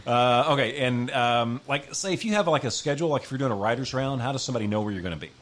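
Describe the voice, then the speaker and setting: Male host, casual chat, joking, filler-heavy, medium pitch, faint background hiss. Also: lively intonation, fast, a bit bright. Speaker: podcast host.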